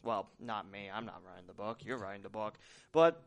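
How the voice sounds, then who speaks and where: A man's voice: lowish voice, lively intonation, brisk, vocal fry. Chatty male podcast host. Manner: chatty, joking. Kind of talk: casual interview chat. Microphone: podcast microphone.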